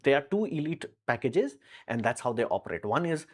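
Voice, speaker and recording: Man, live stream host, casual Q&A, blunt, rambling, lots of fillers, middle pitch. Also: expressive, a little fast. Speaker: live stream host answering viewer questions.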